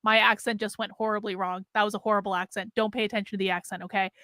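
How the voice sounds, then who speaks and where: A woman's voice: mid-range voice, flat delivery, racing, bright, forceful tone, dry recording. A woman hosting a livestream, reacting to clips with blunt, sarcastic, incredulous commentary. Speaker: host, political commentator.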